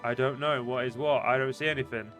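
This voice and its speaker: A man talks quickly and casually while streaming a fantasy game, joking about his fights and thinking out loud. His voice sits at a middling pitch. Faint game music runs underneath. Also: steady tone. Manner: chatty, laughs at the game, reads game text aloud.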